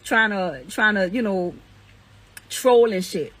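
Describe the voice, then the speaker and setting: A woman's voice: mid-range voice, animated, slow, fairly bright tone, rough recording. A young woman venting heatedly and profanely, indignant and repeating herself. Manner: indignant, repetitive, swears constantly, rising to incredulous peaks. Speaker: woman airing accusations against an ex.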